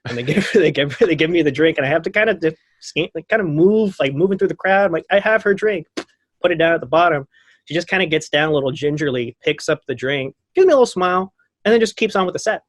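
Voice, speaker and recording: A man's voice: fairly high pitch, quick pace, no echo. Guy in his 30s telling a story on a podcast, lots of voices n laughs, dry close mic. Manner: animated, acts out quotes, laughs often. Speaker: podcast guest. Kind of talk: casual storytelling.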